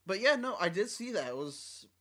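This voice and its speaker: Brief: young male co-host, bright edgy voice, playful banter. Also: high-pitched, very animated, fairly quick. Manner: playful, quotes film lines. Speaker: podcast co-host. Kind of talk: casual chat.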